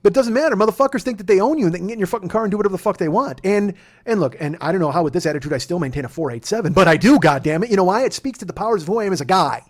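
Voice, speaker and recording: A man's voice: sits high, lively intonation, very fast. A man in his forties hosting a podcast, telling a rambling, profane story in casual storytelling. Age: 40s. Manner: profane, rambling, gets worked up and shouty. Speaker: podcast host.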